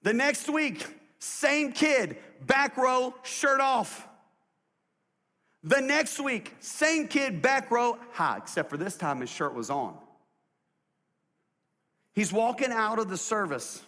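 A man preaching a sermon as a pastor, telling a story in an emphatic, lively way in a church. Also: very high-pitched, takes it slowly, pauses often. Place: church sanctuary. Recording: long hall reverb.

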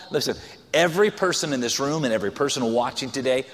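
A man's voice: medium pitch, lively intonation, a little fast, a bit bright, long reverb tail. A male pastor preaching a sermon in a loose, conversational way, joking and using many filler words. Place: church sanctuary.

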